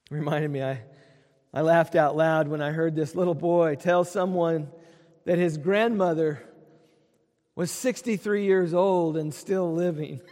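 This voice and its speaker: A man preaching a sermon, earnest, dropping quiet for tender quotes and swelling on lists. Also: on the high side, steady tone, slow pace, pauses often. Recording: long hall reverb.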